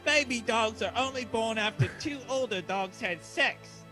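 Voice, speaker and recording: A man's voice: very high-pitched, unhurried, pushed and bright, soft background music, pitched above the performer's own voice, heavily acted. A man playing a snooty rich young woman with a put-on Cockney accent, overacting in a comedy reading. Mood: haughty.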